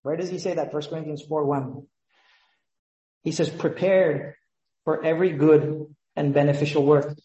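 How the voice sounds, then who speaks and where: A man's voice: fairly high pitch, fairly even intonation, normal speed, mellow, echoey room, lo-fi sound. A man, a pastor, preaching a sermon with emphatic rhetorical questions.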